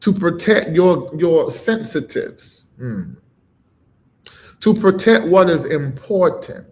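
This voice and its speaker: A middle-aged man preaching on a live stream, emphatic and informal, swinging between loud punches and low murmurs and repeating phrases with a rising cadence. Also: expressive, slow. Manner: informal, dropped verb endings. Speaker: preacher and livestream host.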